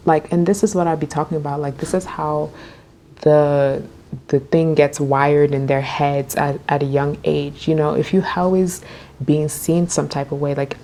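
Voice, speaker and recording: A young woman with a notably low voice tells a story for her vlog. She is chatty and animated, leaning on fillers as she goes. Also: a little hiss or hum. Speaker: vlogger.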